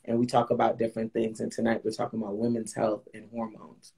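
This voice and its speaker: Husky, encouraging wellness host. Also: medium pitch, completely flat delivery, quick pace, mellow. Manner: affirming, encouraging, promotional. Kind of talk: live online Q&A chat.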